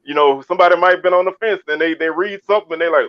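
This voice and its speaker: A man's voice: fairly high pitch, fast talker, no echo. A man from Baton Rouge, co-hosting a casual sports talk show, often restarting and repeating his words. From Baton Rouge, Louisiana. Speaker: co-host. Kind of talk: casual chat. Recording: dull lo-fi dry sound.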